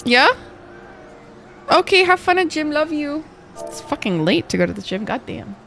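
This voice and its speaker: A woman streaming a game, chatting casually with viewers, excitable and swearing a lot. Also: high-pitched, normal speed, creaky. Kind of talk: casual live-stream chat. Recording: faint music behind.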